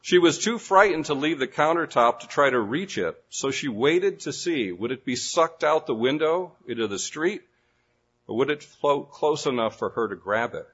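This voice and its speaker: A man with a husky, slightly breathy voice tells a dramatic story from the pulpit. He builds suspense with careful pauses and a vivid storyteller's delivery. The sound is dull and lo-fi. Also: fairly high pitch, animated, a bit bright. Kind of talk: dramatic storytelling sermon illustration. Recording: dull lo-fi recording.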